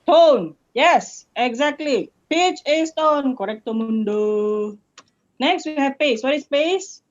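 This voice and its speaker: A Malaysian woman with a fairly high voice coaches over a video call in a playful, teasing manner, swinging her pitch up and down to make her points. Her Malaysian English accent comes through clearly. The audio is dull and lo-fi, like a video call. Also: animated, slow. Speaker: public speaking coach. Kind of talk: online workshop talk.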